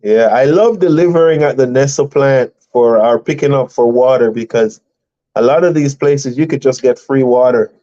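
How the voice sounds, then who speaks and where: A man's voice: mid-range voice, moderate pace, mellow. Chatty man on a dull lo-fi stream. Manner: chatty, laughs often, rambling storytelling. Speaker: truck driver and live stream host. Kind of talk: casual live stream chat.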